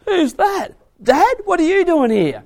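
A man's voice: a little high, very animated, a little fast, vocal fry, heavily acted. A man voicing a young grown man woken in the night who scoffs and laughs at his father's warning. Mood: scoffing.

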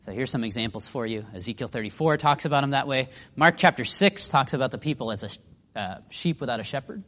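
A man's voice: mid-range voice, animated, fast, a bit bright, big-room sound. A man teaching a Bible lesson in a conversational way, putting questions to his listeners.

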